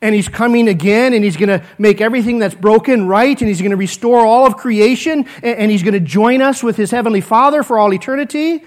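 A man preaching a sermon, earnest and repetitive, swinging between emphatic lines and hushed ones. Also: sits high, a little fast, hardly any pauses. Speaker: pastor.

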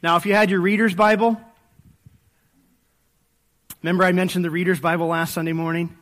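High-voiced man preaching conversationally. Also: little pitch movement, a little fast. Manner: conversational preaching with frequent fillers, dropping to a soft hush in prayer. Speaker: pastor. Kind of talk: sermon.

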